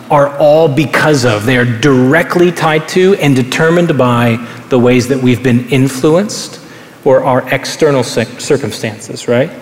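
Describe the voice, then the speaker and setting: A man's voice: mid-range voice, a little hiss or hum. A young adult man and pastor preaching a sermon on stage in an earnest, conversational way, often repeating words for stress. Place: large hall with stage. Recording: roomy reverberant hall, faint ambience.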